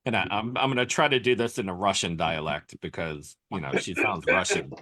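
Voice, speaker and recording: A man's voice: sits low, fairly quick, bright, forceful tone. A man co-hosting a comedy podcast, telling a story playfully with dramatic emphasis. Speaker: podcast co-host. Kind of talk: casual comedy podcast banter.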